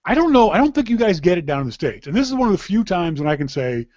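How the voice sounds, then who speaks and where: A man's voice: sits high, sing-song, fast, a little mellow, no echo. A man from Canada hosting a live podcast in a casual, rambling way, with frequent restarts. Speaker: podcast host. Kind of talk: casual chat. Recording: dull, dry lo-fi sound.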